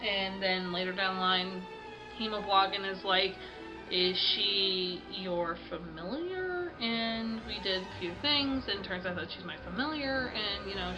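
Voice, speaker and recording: The audio is poor as a woman with a medium-pitched voice chats through a casual storytelling vlog. She rambles with many fillers and sounds tired and sniffly.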